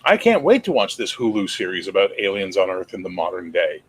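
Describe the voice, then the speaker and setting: A man's voice: low-pitched, animated, fairly quick, a little hiss or hum. Sarcastic podcast guest, a man. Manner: sarcastic, jokey, mock voices. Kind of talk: casual chat.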